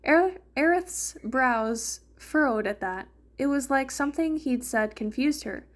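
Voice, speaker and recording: A woman's voice: high-pitched, expressive, measured pace. A woman reading a fan fiction story aloud, narrating and lightly voicing the characters. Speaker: fanfiction reader.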